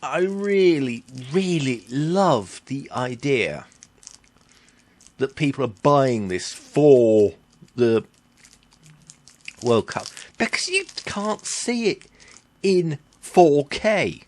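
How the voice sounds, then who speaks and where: A man's voice: medium pitch, expressive, darkish tone. A man ranting in a tech vlog, blunt and exasperated, swearing casually and correcting himself as he goes. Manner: halting with fillers and self-corrections. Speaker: vlogger.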